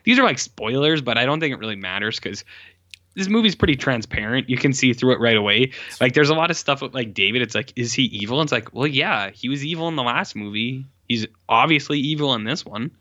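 A man chats loosely on a podcast, his voice bright and forward, circling back with fillers and corrections as he goes. The recording is dry and close, with a slightly dull, lo-fi sound. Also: medium pitch, lively intonation, fairly quick, no echo. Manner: rambling, lots of "like" fillers and self-corrections. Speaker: podcast co-host reviewing films. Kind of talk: casual chat.

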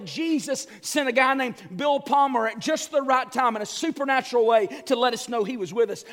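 A man preaching an Easter sermon, impassioned, swinging from near-shouts to hushed, quiet lines. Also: very high voice, big-room sound. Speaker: pastor.

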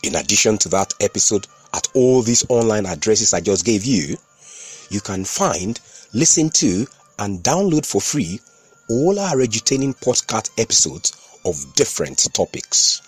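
A man narrates his podcast in an instructive, storytelling way. His slightly husky voice moves up and down a great deal in pitch, with faint music underneath. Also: very animated, normal speed. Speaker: podcast host and communication consultant.

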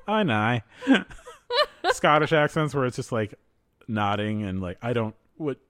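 A man's voice: mid-range voice, sing-song, takes it slowly, fairly bright tone, clear, resonant tone. An American man co-hosting a podcast in casual chat, joking and profane, laughing often. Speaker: podcast co-host.

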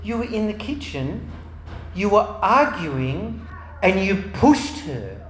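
A man's voice: high voice, sing-song, slow, a little hiss or hum, pitched above the performer's own voice, exaggerated voice. A man voicing an earnest, matter-of-fact four-year-old girl, heard in an echoey room. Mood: insistent. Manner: innocent, insistent. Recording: roomy hall with faint ambience.

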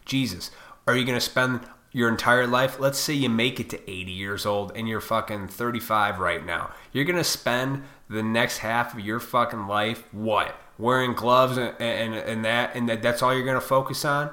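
A man's voice: mid-range voice, fairly even intonation, normal speed, pushed and bright. A man hosting his own podcast, ranting profanely and combatively, now and then mocking other people in put-on voices. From Illinois. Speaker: podcast host.

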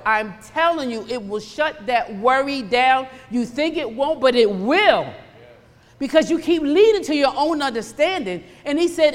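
A woman preaching a sermon, emphatic and animated, swinging between loud bursts and hushed asides. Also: high-pitched, a little slow, in a large hall.

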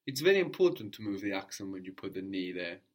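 A man's voice: low voice, very animated. Patient male language teacher. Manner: patient, repeats answers back slowly, ends points with a questioning "no?".

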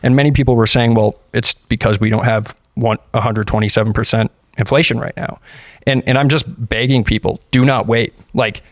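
A man's voice: medium pitch, steady tone, a little fast, no room sound. A man who is a guest on a podcast, talking earnestly about politics in casual discussion, often restarting his sentences. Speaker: podcast guest, libertarian activist.

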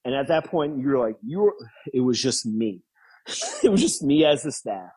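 A man in his thirties, a guest in an interview, telling stories casually, laughing often and acting out quotes in a higher voice. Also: very animated, a little slow, a little mellow, breathy edge, poor audio. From New York. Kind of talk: casual storytelling.

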